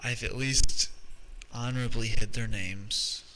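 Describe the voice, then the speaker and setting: A man's voice: medium pitch, fairly even intonation, slow, sharp tone, slight background noise, poor audio. A man hosting a podcast, telling rambling, profane stories and laughing as he goes. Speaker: podcast host. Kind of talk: casual storytelling monologue.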